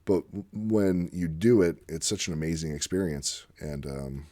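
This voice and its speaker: Male host, very low voice, casual unscripted monologue, rambling and eager. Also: steady tone, normal speed, dark tone. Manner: rambling and enthusiastic, with frequent fillers. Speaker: channel host discussing language teaching; former literacy teacher.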